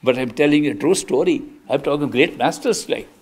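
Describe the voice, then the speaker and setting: Speaking a little fast in a slightly high voice, this older Indian man preaches with earnest conviction. He tells stories as a spiritual teacher, and his emphatic restarts drive the sermon forward.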